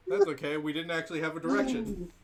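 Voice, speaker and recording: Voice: mid-range voice, big pitch swings, quick pace. A player speaking in character in a tabletop game, playful and evasive, often laughing. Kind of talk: in-character tabletop role-play.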